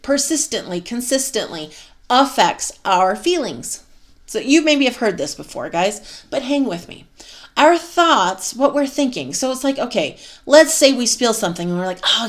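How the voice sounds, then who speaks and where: A woman, a mother with a husband, giving a candid, profane motivational self-help talk as host, laughing and sighing as she goes. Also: a little high.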